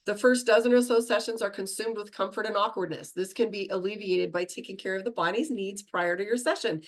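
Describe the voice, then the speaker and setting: A middle-aged woman teaching a meditation class, talking fast and chatty and laughing at herself. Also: medium pitch, fairly even intonation.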